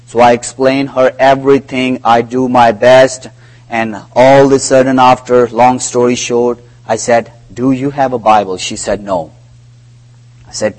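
Slow, deliberate male preacher. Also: mid-range voice, poor audio. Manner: slow, deliberate preaching with non-native grammar. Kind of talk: sermon.

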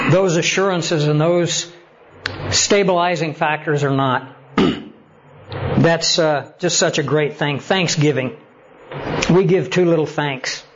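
A man preaching a sermon, telling stories and building to animated emphasis as he makes his points. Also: a little high. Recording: slightly dull lo-fi sound with faint noise.

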